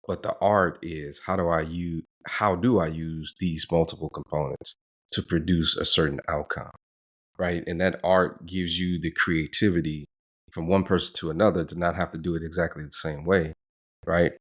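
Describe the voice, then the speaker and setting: A man co-hosting a podcast, explaining ideas in a measured, reflective way in casual talk. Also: low-pitched. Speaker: podcast co-host.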